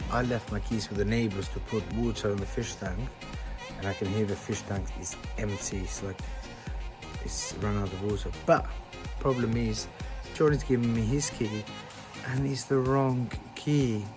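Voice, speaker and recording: A man's voice: on the low side, normal speed, over music. A man in a casual vlog, talking in a sulky, complaining way. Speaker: vlogger's partner.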